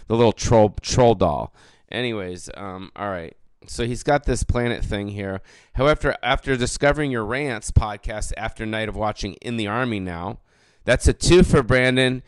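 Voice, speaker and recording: A man in his late forties ranting on his own podcast, rambling and swearing, with loud bursts of bravado and mumbled trailing fillers. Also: lowish voice, no room sound. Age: 40s. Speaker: podcast host. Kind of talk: profane comedic rant.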